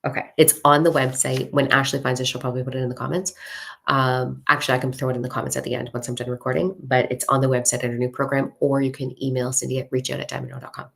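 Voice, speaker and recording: A woman spiritual coach talking casually and frankly to a live audience, swearing freely and slowing down to read a mantra. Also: very deep voice, flat delivery, vocal fry, a bit bright. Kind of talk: casual livestream talk.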